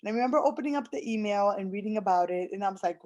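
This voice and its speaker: Speaking rapid-fire in a mid-range, darkish voice, a middle-aged woman shares her earnest testimonial as a client of the program. Her retold conversations come out full of fillers and restarts.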